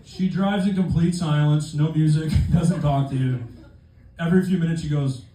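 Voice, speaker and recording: A young stand-up comedian, riffing self-deprecatingly to a club crowd. His voice sits a touch high. It comes from out in a roomy, echoing venue with plenty of room noise around it. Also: fairly even intonation, moderate pace, warm tone. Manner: self-deprecating, conversational asides. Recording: echoey club room from far off, crowd laughter.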